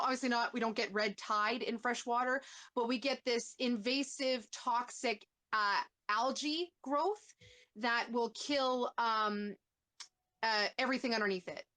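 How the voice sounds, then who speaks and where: A Canadian woman hosts a casual live interview, her voice slightly high. She gushes with feeling, full of ums and restarts, at times near tears. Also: a little slow, pushed and bright. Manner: gushing, emotional, many fillers and restarts. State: tearful. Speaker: host.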